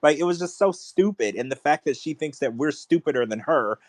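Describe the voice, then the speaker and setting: A man's voice: on the high side, lively intonation, a little fast, no echo. A man co-hosting a podcast, ranting in casual chat with strong opinions. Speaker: podcast co-host.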